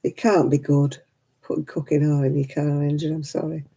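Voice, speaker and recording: A tired woman hosting a casual livestream and chatting away to her viewers. Her voice is very dark and mellow, with a husky, breathy edge. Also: low-pitched, level tone, moderate pace. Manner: chatty, talks to viewers by name. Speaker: livestream host.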